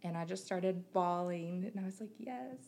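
A woman's voice: lowish voice, level tone, moderate pace, mellow. A woman in her thirties from Missouri, speaking as a podcast guest with open, reflective talk and frequent fillers. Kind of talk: candid conversational interview.

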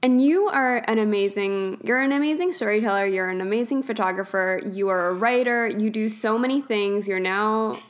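A woman's voice: medium pitch, moderate pace, hardly any pauses. A woman hosting a casual interview podcast, gushing with enthusiastic praise for her guest. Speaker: podcast host.

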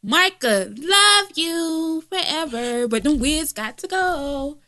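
A woman's voice: high-pitched, lively intonation, slow, pushed and bright. A woman co-hosting a podcast in casual chat, blunt and profane, laughing often. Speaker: podcast co-host.

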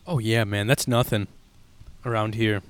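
A man's voice: lowish voice, steady tone, moderate pace, smooth, dry recording. Young male co-host, loose casual chat, filler-heavy, dead-dry sound. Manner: loose, swearing, lots of fillers. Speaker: podcast co-host.

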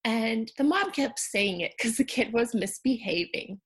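A woman in her thirties telling a personal story in a candid, conversational way, with fillers and soft laughs. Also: on the high side, animated, unhurried. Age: 30s. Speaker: storyteller sharing a personal loss.

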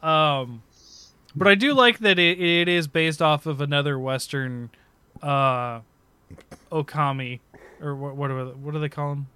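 A man with a bright, forward voice and a fairly high pitch talks loosely in a casual gaming chat, circling back and correcting himself and laughing often. The sound is dry and close, with no room around it. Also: unhurried, clear, resonant tone, dry recording. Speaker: podcast co-host.

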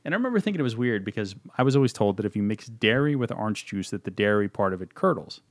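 A man's voice: on the low side, big pitch swings, fast talker. A man from Virginia co-hosting a casual beer tasting chat, joking and rambling, swearing casually. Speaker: beer review podcast co-host.

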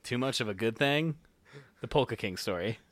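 A young adult man co-hosting a movie podcast, casual and joking with quick teasing asides. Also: mid-range voice, expressive, dry recording. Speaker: podcast co-host. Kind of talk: casual movie review chat.

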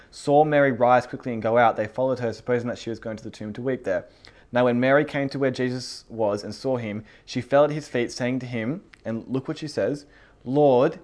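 Animated man teaching the Bible. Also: medium pitch. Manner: animated, laughs often, reads scripture then comments. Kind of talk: casual Bible teaching, reading verses aloud.

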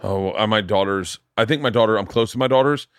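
A man's voice: fairly low pitch, fast talker, smooth, dry recording, clean studio sound. A middle-aged man hosting a podcast in casual chat, rambling with stammering restarts. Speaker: podcast host.

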